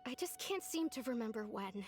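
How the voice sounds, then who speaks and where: An actress voicing a soft-spoken, wistful young woman in a video game, bravely hiding heartbreak. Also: on the high side, lively intonation, fairly quick, faint music behind, close to an everyday voice. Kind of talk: game voice acting.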